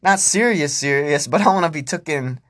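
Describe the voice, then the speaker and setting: On his solo podcast, a young male host talks in a fairly bright, somewhat high voice at normal speed. He rambles casually, swears freely, and talks to himself as well as his listeners.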